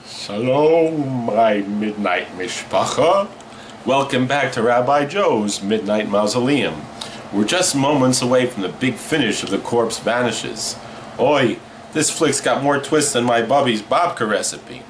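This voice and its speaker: A man playing a late-night horror movie host, hamming it up with jokes and Yiddish words. He takes his time, drawing out his lines, and the pitch sits right in the middle. A faint hum of noise lies under him. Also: measured pace. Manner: jokey, hammy, sprinkled with Yiddish words. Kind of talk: comic horror-host patter.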